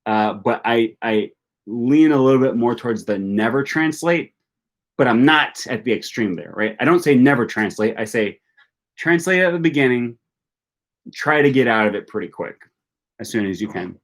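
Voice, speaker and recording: Young male language streamer, casual Q&A, mid-pitched voice, loose and filler-heavy delivery. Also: expressive, moderate pace. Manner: reads viewer questions aloud and answers chattily, many fillers. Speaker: language YouTuber hosting a live stream.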